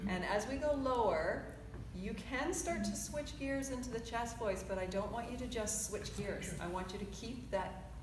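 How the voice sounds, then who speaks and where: A woman coaching a choir section through a vocal warmup, encouraging and chatty, quick to laugh. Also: mid-range voice. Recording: roomy sound with background noise.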